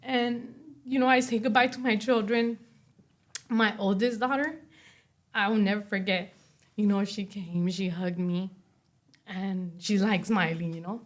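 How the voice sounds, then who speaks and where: A woman being interviewed, telling a personal story in a halting way, full of fillers like "you know" and "like.". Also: mid-range voice, steady tone. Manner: acts out other people's words while telling her story. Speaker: interview guest.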